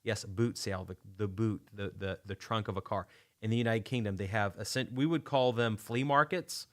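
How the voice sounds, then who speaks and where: A man's voice: lowish voice, normal speed, fairly bright tone. Rambling, enthusiastic man. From United States. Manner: rambling, enthusiastic, many restarts. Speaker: channel host. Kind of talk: casual livestream chat.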